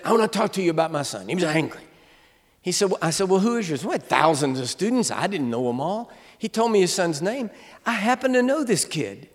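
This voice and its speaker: A man in his seventies preaching a humorous sermon as a guest speaker, telling stories with comic timing and shouting at the big moments. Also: high voice. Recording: long reverb of a large hall.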